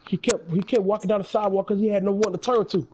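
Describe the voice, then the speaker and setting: A man's voice: sits high, steady tone, rapid-fire, a little mellow, a little hiss or hum. Chill young dude gaming and making up a story for his little sibling, rambly and easygoing. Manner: laid-back, rambling storyteller. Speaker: gamer and storyteller. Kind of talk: casual chat while gaming, improvised story.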